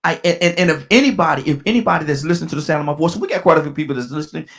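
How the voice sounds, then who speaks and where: A middle-aged man hosting a call-in radio talk show, repeating himself and restarting his sentences, slowing right down to read out a phone number. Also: fairly high pitch, vocal fry, fairly bright tone.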